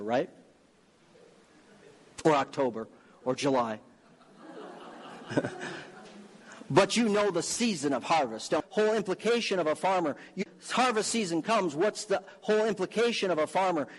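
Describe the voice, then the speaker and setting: A man preaching a sermon with a high, ringing voice that climbs into fervent, emphatic calls. His words trail off into a long reverberating space, as if spoken in a large sanctuary. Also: breathy edge. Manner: emphatic, rising to fervent exhortation.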